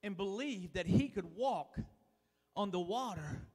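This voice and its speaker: High pitched guy preaching, folksy and fired up, long echoey church reverb. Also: lively intonation, measured pace, husky. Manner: fervent, folksy preaching with frequent "uh" and sudden drops to a hush. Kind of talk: sermon. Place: church sanctuary.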